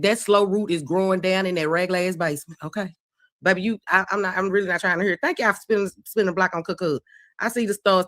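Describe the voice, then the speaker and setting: A middle-aged woman with a Southern twang, hosting a casual livestream from a porch, brash and profane, shouting out viewers by name. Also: mid-range voice, dry recording, clean studio sound. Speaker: livestream host.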